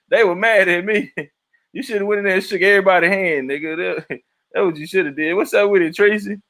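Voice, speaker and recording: A man's voice: sits high, fairly quick, a bit bright. A man hosting a casual livestream, rambling profanely and reading chat messages aloud. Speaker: livestream host.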